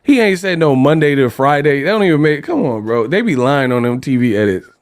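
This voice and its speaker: A man from California hosting a livestream, ranting casually in an animated, slangy, joking way. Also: mid-range voice, a little fast. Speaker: host.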